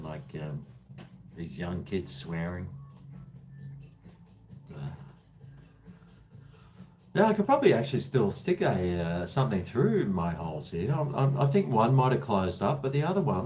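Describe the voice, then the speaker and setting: Rambling man, lively low voice. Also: measured pace, pauses often. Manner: rambling, chuckling, answers chat comments. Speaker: livestream host. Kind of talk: casual livestream chat.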